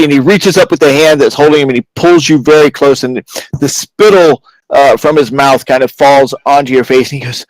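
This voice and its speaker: A man narrating a tabletop game as game master, halting and dramatic with many restarts. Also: medium pitch, no room sound, low-quality recording.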